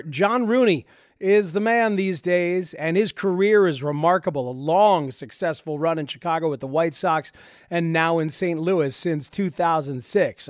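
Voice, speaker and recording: Upbeat high male host outro, dry. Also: no echo. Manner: upbeat, promotional. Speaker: podcast host. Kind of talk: scripted outro narration.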